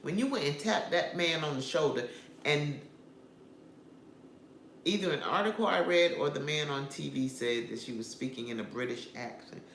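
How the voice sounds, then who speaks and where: A woman talks through celebrity news in a chatty, opinionated vlog, speaking directly to her viewers. Her voice has a gravelly edge. The sound is roomy and echoey, with a faint hum of ambience behind her. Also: sits low, expressive, normal speed. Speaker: vlogger. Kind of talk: casual commentary on celebrity news.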